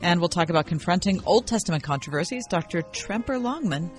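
A man's voice: high voice, lively intonation, a little fast, music in the background. A man co-hosting a radio show, chatting casually with dry, teasing banter.

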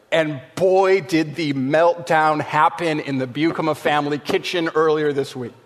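A man in his thirties, a pastor preaching a sermon, earnest and repeating phrases for emphasis, sometimes telling a family story. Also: fairly high pitch. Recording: hall reverb with faint room ambience.

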